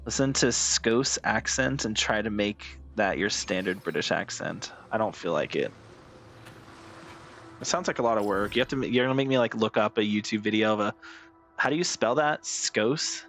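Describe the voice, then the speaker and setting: A man streaming a game live, chatting casually and excitably with his viewers and swearing freely. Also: lowish voice, normal speed, slight background noise. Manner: profane, excitable, talks to chat.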